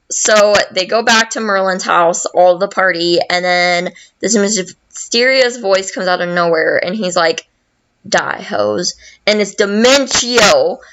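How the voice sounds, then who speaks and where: A woman's voice: mid-range voice, a bit bright, clean tone, dull audio. A young woman hosting a podcast, retelling a story casually in a rambling way, with a lot of swearing and fillers. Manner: slow and rambling, heavy swearing, many fillers. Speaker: podcast host.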